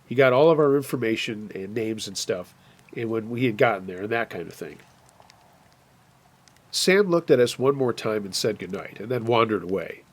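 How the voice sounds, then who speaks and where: A man retelling a true scary camping story in a steady, plainspoken way. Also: lowish voice, moderate pace, slightly rough. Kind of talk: narrated first-person scary story.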